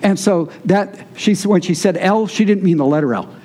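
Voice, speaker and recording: A man preaching to his congregation in a relaxed teaching manner. His voice sits high for a man yet sounds mellow and dark in tone. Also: normal speed. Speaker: pastor. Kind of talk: sermon.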